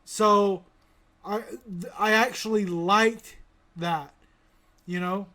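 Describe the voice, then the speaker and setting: A man with a notably high voice, hosting a loose review podcast. He rambles, restarts his sentences and swears casually as he goes. He grew up in the American South. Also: steady tone, extremely slow, sharp tone. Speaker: podcast host. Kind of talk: casual pop-culture review chat.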